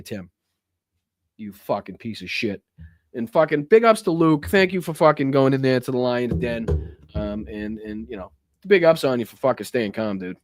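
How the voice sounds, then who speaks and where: A man's voice: mid-range voice, animated, moderate pace, a little mellow, no room sound, clean studio sound. A man reading out clips and ranting about them with heavy profanity. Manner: reads clips aloud, then comments. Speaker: political commentator. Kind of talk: profane reaction commentary.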